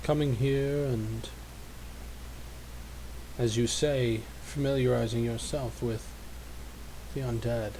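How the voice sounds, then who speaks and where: A man voicing a gentle old wanderer who speaks slowly and formally, in an old-fashioned way. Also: mid-range voice, steady tone, a little hiss or hum, low-quality recording. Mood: courteous. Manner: slow, courteous, formal old-fashioned speech.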